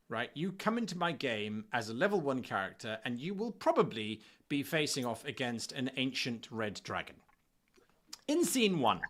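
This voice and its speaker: A man hosting a casual chat about running games, telling stories in an animated way. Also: a little high. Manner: animated, laughing storyteller. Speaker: host.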